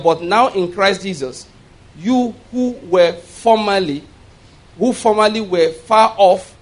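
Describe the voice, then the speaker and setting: A man preaching a sermon as pastor. He reads scripture aloud, explains it line by line, and has the congregation repeat words back. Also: sits high. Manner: leads the congregation in call-and-response; asks "all right?" as a check-in.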